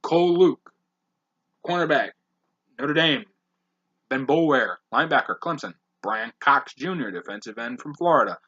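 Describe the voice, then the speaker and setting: Bright, husky-voiced man reading a list. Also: medium pitch, expressive, muffled recording. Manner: brisk, blunt, profane asides. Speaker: podcast host.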